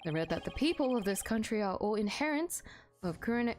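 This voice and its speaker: A woman reading the lines of a calm adult male defense lawyer from a video game, in a wry, level-headed way. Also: a little high, a little fast.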